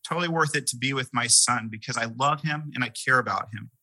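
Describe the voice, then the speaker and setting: A middle-aged male pastor preaches in an earnest, conversational way, often restarting with fillers. His voice sits in a middle pitch with a very bright, clear edge. The sound is dry and close, with no room around it. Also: fast talker, dry recording, low-quality recording. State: sick with a mild cough. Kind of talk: sermon.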